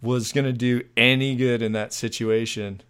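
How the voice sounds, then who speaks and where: Smooth-voiced man chatting casually. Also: mid-range voice, little pitch movement, moderate pace, a bit bright. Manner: laughs often, uses casual slang like 'dude' and 'freaking'. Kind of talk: casual chat.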